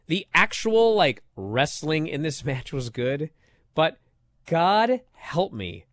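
Man co-host, lively pitch, bright tone, casual and excitable, dry close recording. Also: dry recording. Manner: animated, rising to loud disbelief. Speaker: wrestling show co-host. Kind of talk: casual podcast chat.

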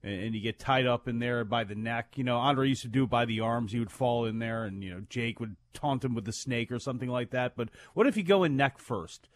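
A man's voice: mid-range voice, fairly quick, few pauses, dry recording. Rambling man on a wrestling podcast. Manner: rambling, lots of "you know" and restarts. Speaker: podcast co-host. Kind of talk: casual wrestling talk.

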